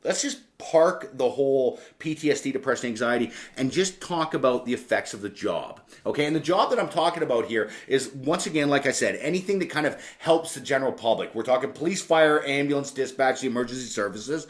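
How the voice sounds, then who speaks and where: A man's voice: mid-range voice, lively intonation, fairly quick, hardly any pauses. A man in his forties, a podcast host, telling a candid personal story in a casual, conversational way with frequent asides and casual swearing.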